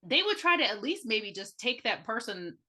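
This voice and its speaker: A woman with a bright, lively voice co-hosts a casual podcast movie chat. She jumps in with quick questions and joking asides, and her pitch moves around a lot as she talks. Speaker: podcast co-host.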